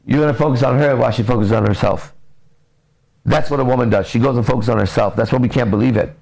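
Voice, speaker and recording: A man's voice: mid-range voice, quick pace, vocal fry, rough recording. A man coaching on relationships in a blunt, profane, casual podcast talk. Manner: blunt, profane, lively storytelling.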